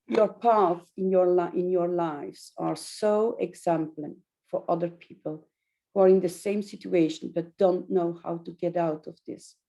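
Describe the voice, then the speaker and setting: A woman interviewing, asking gentle questions in a slow, measured way with fillers. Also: lowish voice, fairly even intonation, gravelly. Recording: dull lo-fi sound.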